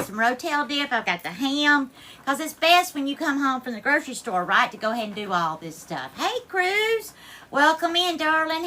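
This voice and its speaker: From her home kitchen, a woman chats casually on a live stream while cooking, her voice high, bright and ringing, well above most women's. She is teary and close to crying as she thanks viewers one at a time, calling them darling. A faint hiss or hum sits under the audio.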